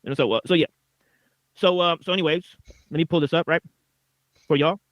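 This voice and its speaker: A man's voice: a little high, brisk, fairly bright tone, no room sound. A male host of a live stream, reading philosophy texts and commenting on them in a rambling way, tagging nearly every phrase with "right?".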